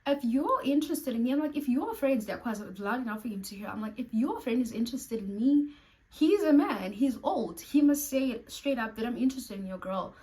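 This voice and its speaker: A young woman with a South African accent tells a story in a casual vlog, her voice sitting a bit high. She is blunt and animated, swears freely and acts out every line of the argument. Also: brisk, low-quality recording. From South Africa, Cape Town. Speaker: storytime vlogger.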